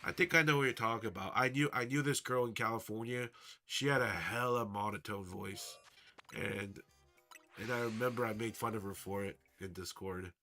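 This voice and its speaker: A man's voice: lowish voice, normal speed, bright, forceful tone. A young man chatting casually on a live stream, rambling and answering viewers' chat messages. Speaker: livestreamer. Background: faint background music.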